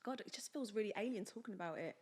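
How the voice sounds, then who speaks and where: A woman's voice: mid-range voice, fast talker. A young woman, chatting on a podcast as co-host and telling a personal story, acting out the voices of the people in it. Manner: chatty, animated, acts out quoted dialogue. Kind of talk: casual chat, personal storytelling.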